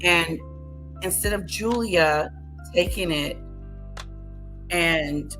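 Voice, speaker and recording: A woman's voice: lowish voice, extremely slow, a bit bright, soft background music, rough recording. A woman hosting a live stream, giving casual commentary and repeating her points for emphasis.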